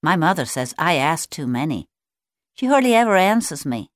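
A woman's voice: low-pitched, big pitch swings, normal speed, no echo. Pat, a woman doing a tiny curious girl otter, always asking questions, up and down storybook voice, dry close sound. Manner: full of questions. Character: small young female sea otter, curious.

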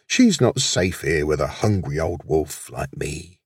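A man voicing a gruff but soft-hearted old male wolf in a storybook, groaning and exasperated. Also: very deep voice, lively intonation, unhurried, dry recording, studio quality, distant mic, pitched below the performer's own voice, exaggerated voice. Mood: grumbling.

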